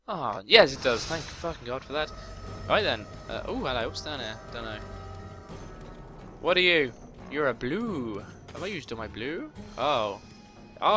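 A man giving profane, excitable gameplay commentary, talking to himself as he plays, with game music behind. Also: mid-range voice. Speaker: gamer playing a video game.

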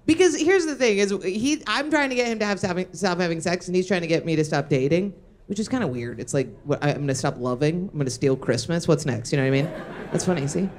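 A woman's voice: fairly low pitch, expressive. A woman co-hosting a comedy podcast, teasing her partner and telling stories in casual banter. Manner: teasing, storytelling, quick to laugh.

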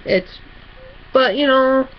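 A woman's voice: sits high, takes it slowly, muffled recording, a little hiss or hum. A woman vlogger, chatting casually in a rambling, self-correcting way. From upper Midwest of the United States. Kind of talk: casual chat.

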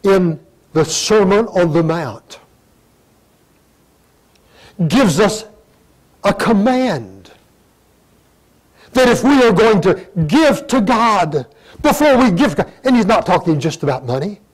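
An older man giving a sermon, reading scripture in old-fashioned wording and breaking into sudden loud emphatic rises. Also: high voice, animated, measured pace, low-quality recording. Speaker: pastor.

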